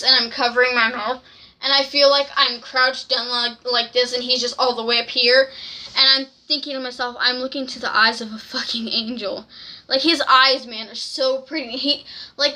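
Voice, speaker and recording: A young woman telling an excited, rambling story to camera in a casual vlog, often giggling. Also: sits high. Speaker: vlogger.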